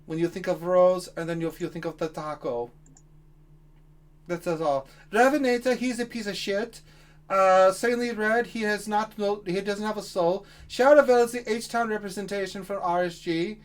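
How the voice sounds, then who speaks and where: A man's voice: high voice, normal speed, close to an everyday voice. A man voicing a cranky, foul-mouthed male frog puppet who insults and boasts through a list of names. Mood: mocking. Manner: insulting, boastful, rambling roll call.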